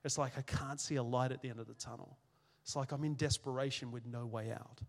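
This middle-aged pastor from Australia preaches with emphasis, circling back to repeat phrases and joking at his own expense. His medium-pitched voice stays steady and fairly quick. The handheld mic picks up the church hall's long reverb.

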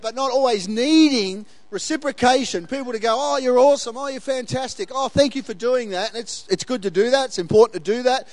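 High-voiced male pastor preaching. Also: no room sound. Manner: conversational and animated, laughs often, acts out quotes. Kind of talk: sermon.

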